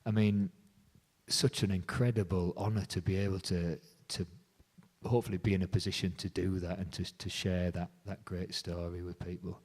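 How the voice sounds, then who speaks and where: A folk musician being interviewed, retelling a story with lively quoted dialogue. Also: male voice, deep voice, moderate pace.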